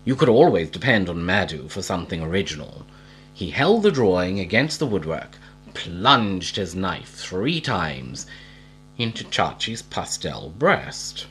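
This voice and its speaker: A man reading a storybook aloud in a slow, expressive storytelling manner. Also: low-pitched, breathy edge, poor audio.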